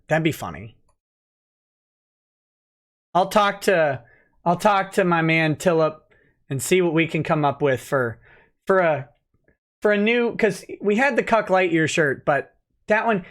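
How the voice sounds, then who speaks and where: A man's voice: high-pitched, a bit bright. A man hosting a casual livestream, joking and rambling while reading out chat messages. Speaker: livestream host, lawyer.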